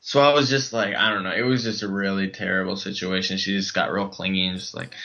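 A man with a lowish, bright, forward voice tells a comic dating story in loose, rambling casual chat. He stumbles through restarts and fillers as he goes. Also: little pitch movement, fast talker, highs cut off.

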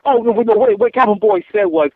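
A man, calling in by phone and telling a long story in a casual, animated way, full of repeats and restarts. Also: high-pitched, brisk, dry recording. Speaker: caller. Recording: tinny phone line, dry.

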